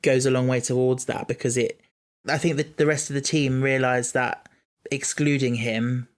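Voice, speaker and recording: Steady man explaining on a podcast. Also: medium pitch, moderate pace. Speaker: podcast co-host. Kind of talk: casual chat.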